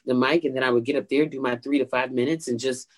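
Animated woman telling a comedy story. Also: quick pace. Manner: animated, acts out quotes with big pitch jumps. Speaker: stand-up comedian, guest. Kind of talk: storytelling interview.

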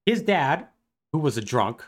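A man's voice: on the high side, very animated, a little slow. A man co-hosting a podcast, sarcastically recapping a video game plot in casual chat and acting out lines. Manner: sarcastic and wry, acts out the characters' dialogue. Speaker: podcast co-host.

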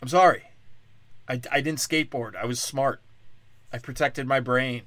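A drunk man hosting a solo comedy podcast, rambling crudely and swinging between loud outbursts and low mutters. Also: normal speed, dry recording. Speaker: podcast host.

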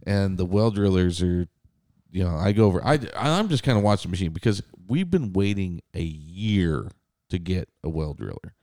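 Man, thirties, low mellow voice, dry close sound, animated storyteller, swears casually. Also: moderate pace, dry recording. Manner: animated storyteller quoting others, swears freely. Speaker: podcast co-host, general contractor.

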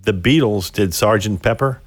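A man's voice: fairly low pitch, normal speed. A man co-hosting a casual podcast, confidently listing his picks. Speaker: podcast co-host. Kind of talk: casual chat.

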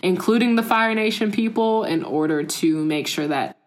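A woman's voice: mid-range voice, normal speed. A woman co-hosting a casual podcast, recapping episodes with laughs and playful quoted voices. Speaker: podcast co-host. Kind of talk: casual chat.

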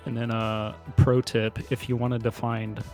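A man's voice: mid-range voice, little pitch movement, unhurried, a little mellow, faint music behind. A man hosting a podcast in casual chat, laid-back and rambling with lots of hesitation. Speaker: podcast host.

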